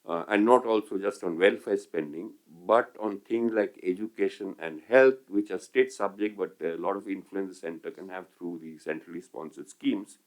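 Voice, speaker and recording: A deep, low-pitched older man with an Indian English accent gives panel remarks. He talks in a measured way, pausing often and restarting his sentences. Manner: measured, many hesitations and restarts. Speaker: economist panelist.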